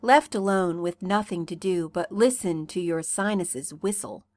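A woman reading a fan fiction story aloud in soft, second-person narration. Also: lowish voice, unhurried, no echo. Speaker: reader.

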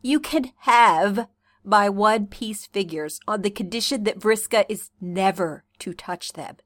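A woman voicing a sick, cranky young male troll who rants melodramatically, coughing and hoarse, in a fan fiction reading. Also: medium pitch, measured pace, no room sound, close to an everyday voice. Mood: ranting. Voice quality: coughing, raspy. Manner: melodramatic ranting.

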